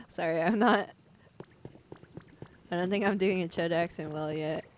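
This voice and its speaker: A woman's voice: fairly low pitch, slow pace, slight background noise. A woman streaming a video game, chatting casually with her viewers, full of filler likes and laughing at herself. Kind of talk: casual gameplay livestream chat. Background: game music.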